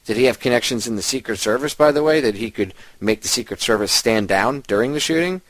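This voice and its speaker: A man's voice: medium pitch, fast, few pauses, a bit bright, no room sound, rough recording. A man hosting a radio show, delivering an emphatic, ranting monologue straight to his listeners. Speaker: host.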